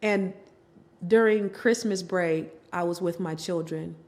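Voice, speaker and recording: Speaking slowly in a lowish voice, a middle-aged woman shares her personal story openly as a guest on a podcast. She gets animated, performing the lines her family members said.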